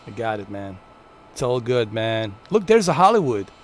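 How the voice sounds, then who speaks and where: A man's voice: medium pitch, sing-song, moderate pace, slight background noise. A man streaming a flight game, giving chatty, playful live commentary to his viewers. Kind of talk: casual gameplay commentary.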